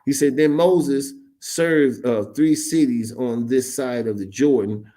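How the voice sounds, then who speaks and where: Guy preaching a sermon, reads scripture then breaks it down in slang, voice shoots way up on big words. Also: takes it slowly. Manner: animated, voice leaps high on emphatic words.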